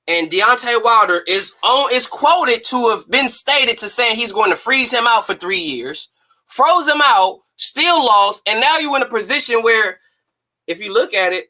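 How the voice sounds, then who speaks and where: Bright-voiced man ranting about boxing. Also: high-pitched. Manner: emphatic, profane, rapid-fire rhetorical ranting. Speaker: host. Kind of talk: heated boxing talk on a live stream.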